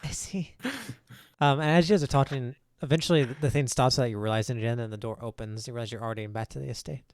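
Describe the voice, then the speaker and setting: A man narrates a tabletop game as its game master, explaining things loosely and casually. His voice is middle in pitch and sounds dry and close. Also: steady tone, fast talker, darkish tone, dry recording.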